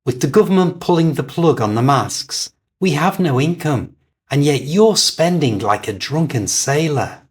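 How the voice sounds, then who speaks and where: A man with a British accent voicing an anxious husband trying to stay calm about money. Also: a little high, unhurried, husky. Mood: strained.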